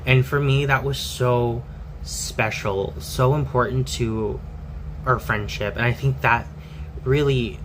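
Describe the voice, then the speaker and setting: A man's voice: mid-range voice, steady tone, takes it slowly, a bit bright, slight background noise, low-quality recording. A man telling a personal story in a candid, rambling way, full of fillers and restarts.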